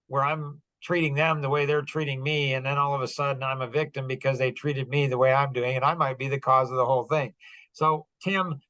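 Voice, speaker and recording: A male podcast host asks questions in a loose, conversational way. His voice is bright and fairly high for a man, and the sound is dry and close. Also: dry recording. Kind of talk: interview questions.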